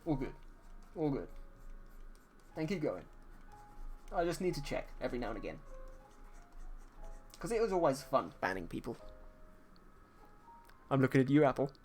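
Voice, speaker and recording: A man's voice: medium pitch, very animated, normal speed, pauses often, darkish tone, faint music behind. A man chatting casually with his viewers on a livestream while he paints, playful and jokey as he reads the chat aloud. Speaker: livestreaming artist.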